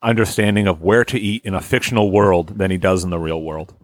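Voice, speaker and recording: Low-voiced man hosting a casual podcast. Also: fairly even intonation, fairly quick, no room sound. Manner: teasing, runs the segments. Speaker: podcast host. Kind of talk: casual chat.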